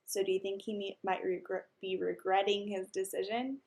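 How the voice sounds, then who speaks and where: A woman teacher reading a children's chapter book aloud, with expressive delivery, stopping to ask her listeners questions. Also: mid-range voice, moderate pace.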